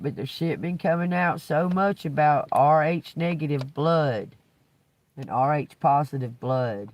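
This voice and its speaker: A man's voice: on the high side, a little slow, dry recording. A man giving a tarot reading on a live stream, rambling and cursing freely, with frequent chuckles. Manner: rambling, profane, chuckles often. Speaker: tarot reader.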